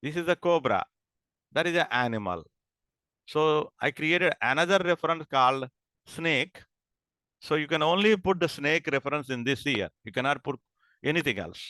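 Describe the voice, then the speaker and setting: Man teaching a class, bright and crisp, dry recording, halting restarts. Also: on the high side, lively intonation, dry recording. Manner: repeats and checks understanding, halting restarts. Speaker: lecturer. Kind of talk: classroom lecture.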